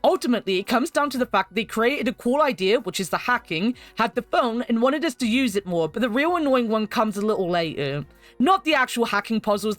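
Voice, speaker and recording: A woman's voice: a little high, fairly bright tone. A woman giving wry, chatty commentary in a retrospective video game review.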